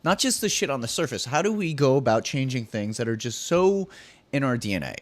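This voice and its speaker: A man's voice: medium pitch, big pitch swings, a little fast. A man hosting his own podcast, talking solo in a candid, rambling, profane and self-deprecating way. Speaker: podcast host.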